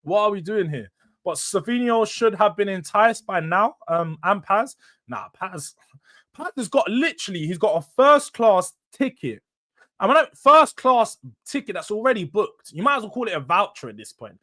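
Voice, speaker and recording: A man's voice: sits high, very animated, normal speed, bright, forceful tone. A young man with a London accent hosting a casual football live stream, bantering with the chat in slang. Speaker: host.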